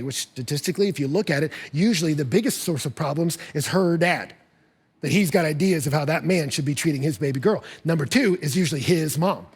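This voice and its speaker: Husky, high-voiced male pastor preaching. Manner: lively, acts out couples' voices with humor. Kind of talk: sermon.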